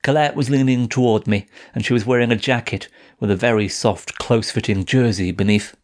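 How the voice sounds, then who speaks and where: A man narrating a first-person audiobook in a measured, steady reading voice. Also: medium pitch.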